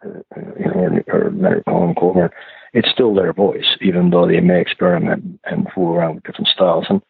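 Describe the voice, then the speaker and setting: A man with an Acadian accent, a singer-songwriter answering interview questions in a relaxed, hesitant way with many restarts. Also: low-pitched, fairly quick, creaky, slightly rough, no echo, narrow, tinny audio. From Canada.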